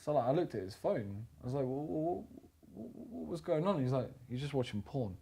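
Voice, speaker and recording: A man's voice: mid-range voice, very animated, brisk, creaky, warm tone. A man hosting a casual chat, telling a rambling story and swearing casually. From England. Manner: rambling, swears casually, laughs at own stories.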